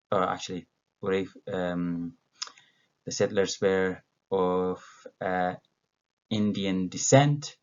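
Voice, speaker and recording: Slow, gravelly-voiced man teaching vocabulary. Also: low voice. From Ethiopia. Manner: slow, patient, with many fillers and self-corrections. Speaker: English teacher. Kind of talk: recorded vocabulary lesson. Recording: dull lo-fi recording.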